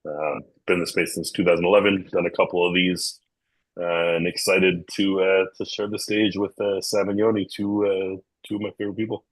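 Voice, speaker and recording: Brief: man, very deep, husky voice, business panelist on a video call, steady with lots of "uh"s. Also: a little fast, rough recording. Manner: businesslike, many fillers. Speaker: panelist, managing director. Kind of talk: panel discussion.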